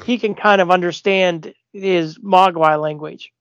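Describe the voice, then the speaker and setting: High gravelly voiced guy on a podcast, mostly saying yep and short comments, dry dull sound. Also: fairly even intonation, a little slow, a bit bright, dry recording. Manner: short agreeing replies and brief asides. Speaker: podcast co-host. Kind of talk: casual chat.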